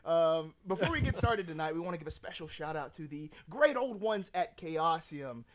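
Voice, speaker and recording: Lively-voiced man running the game. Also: fairly high pitch, normal speed. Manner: laughs often, filler-heavy. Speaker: game master.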